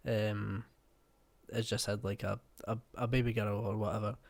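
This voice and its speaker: A man's voice: fairly low pitch, level tone, normal speed, vocal fry, darkish tone. A young man with an east Scottish accent giving blunt, chatty reaction commentary and swearing casually. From Scotland. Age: young adult. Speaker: reaction video host.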